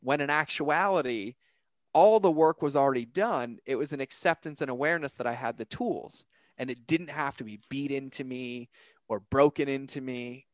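A man's voice: medium pitch, moderate pace, no room sound. A man, a podcast guest, telling a personal story in an earnest, emphatic way and acting out the quotes.

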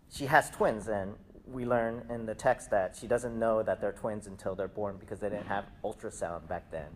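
A man giving a relaxed, conversational Bible teaching, thinking aloud with rhetorical questions and laughing at his own asides. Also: mid-range voice. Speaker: preacher.

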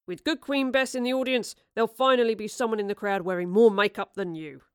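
A woman doing a calm, steady man in his thirties. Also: mid-range voice, a little fast, smooth, dry recording, studio quality, close to an everyday voice. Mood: teasing. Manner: calm, reassuring, gently teasing.

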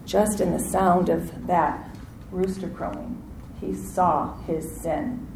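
A woman preaching a sermon, lively and acting out the voices in the story, calling on her listeners to answer back. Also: fairly low pitch, slow pace, gravelly, roomy sound, slight background noise, rough recording. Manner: animated, acts out quoted voices, asks audience to respond.

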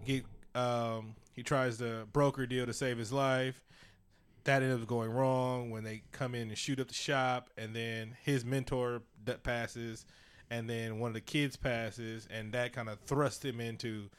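A man co-hosting a casual podcast chat about a TV show, talking loosely with frequent laughs and sudden animated bursts. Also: medium pitch, unhurried, clear, resonant tone. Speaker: podcast co-host.

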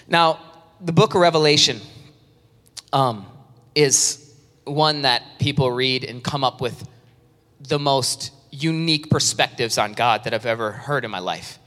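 Bright-voiced man preaching in a hall. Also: measured pace, long pauses. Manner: animated, acts out worried churchgoers in a high strained voice. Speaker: pastor. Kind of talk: sermon. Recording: reverberant hall sound.

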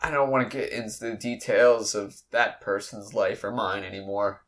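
A man's voice: lowish voice, steady tone, moderate pace, a bit bright. A young adult man hosting a podcast, telling a personal story in a candid, rambling way with a lot of swearing. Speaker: podcast host.

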